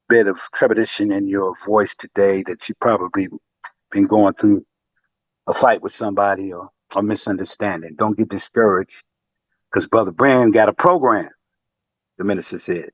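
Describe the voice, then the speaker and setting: Earnest halting man on a muffled call. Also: lowish voice, steady tone, dry recording. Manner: halting, earnest, many fillers. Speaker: caller. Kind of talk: testimony on a call-in.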